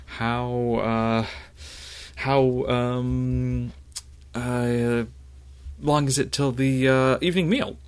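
A man's voice: medium pitch, fairly even intonation, drawn-out words, a little mellow, smooth, pitched above the performer's own voice. A man voicing an unsure young male Jedi recruit who asks hesitant questions.

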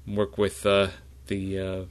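A man puts on a male Jedi battle master who teases and then steadies new recruits. His voice is friendly and unhurried, a little raised above the narration, with frequent pauses. It is a low male voice lifted slightly for the role. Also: monotone, clear, resonant tone. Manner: teasing, then reassuring.

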